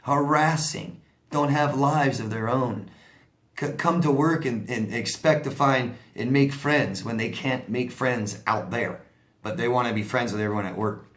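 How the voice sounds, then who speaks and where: A man's voice: medium pitch, a little slow, fairly bright tone, slight background noise. Blunt, conversational man coaching in a roomy space. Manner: blunt, conversational, repeats points with asides. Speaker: life coach. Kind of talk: casual advice monologue.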